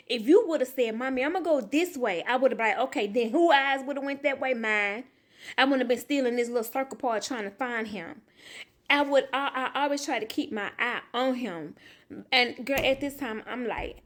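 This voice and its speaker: Woman, casual storyteller, animated, acts out each quoted line. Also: on the high side, moderate pace. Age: adult. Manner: animated, emotional retelling with quoted dialogue. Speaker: vlogger, mother.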